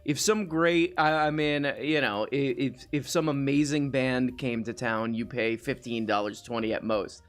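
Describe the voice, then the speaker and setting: Male live-show host, loose and joking, mid-pitched. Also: measured pace, hardly any pauses, soft background music. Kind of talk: casual chat.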